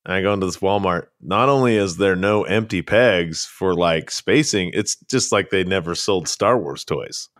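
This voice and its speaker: A podcast co-host chats casually, telling rambling anecdotes. His voice sits low and is a bit bright, moving at a moderate pace with hardly any pauses, in a dry, clean studio recording.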